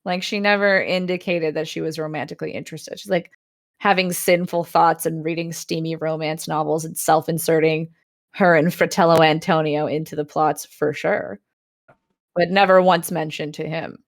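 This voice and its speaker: A woman's voice: low-pitched, level tone, normal speed. Wry, laughing woman podcast co-host. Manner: wry, laughs often, frank. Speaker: book club podcast co-host. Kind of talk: casual chat about a novel.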